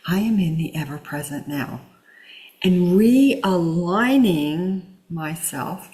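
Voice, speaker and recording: A woman teaching a spiritual healing session in a slow, drawn-out way, pausing often. Her voice sits a little low. At times she sinks into a soft whisper for calm affirmations.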